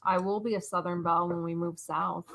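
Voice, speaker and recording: A woman co-hosting a live stream, describing items one by one in an unhurried way. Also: lowish voice, steady tone, vocal fry, fairly bright tone. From United States. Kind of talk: live-stream item showcase.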